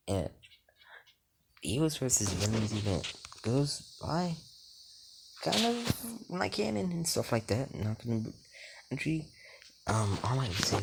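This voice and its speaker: A man's voice: mid-range voice, very animated, slow pace, gravelly, long pauses. A young man improvising a fan story while gaming, rambling with many fillers and restarts over a noisy home mic with mouse clicks.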